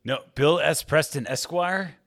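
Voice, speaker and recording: A man's voice: on the high side, measured pace, fairly bright tone. A man in a casual podcast chat, rambling with lots of fillers and frequent laughs. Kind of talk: casual chat about movies.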